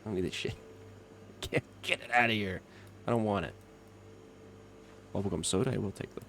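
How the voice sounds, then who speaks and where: A man's voice: fairly low pitch, moderate pace, gravelly, fairly bright tone, a little hiss or hum. A young man chatting casually with his livestream chat while gaming, laughing often and reacting to comments. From not from Kentucky. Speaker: streamer.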